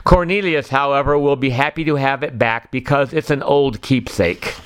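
A man narrating a children's storybook in a calm, expressive reading style. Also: mid-range voice, normal speed, a little hiss or hum.

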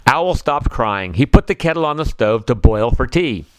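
A man narrating a children's story aloud in an unhurried, gentle read-aloud manner. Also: medium pitch, lively intonation, smooth, dry recording. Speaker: storybook reader.

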